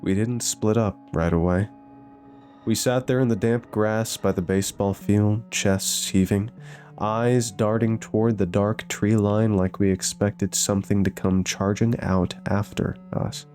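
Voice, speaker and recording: A man narrating a scripted horror story with a measured, suspenseful delivery. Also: fairly low pitch, steady tone, darkish tone, faint music behind.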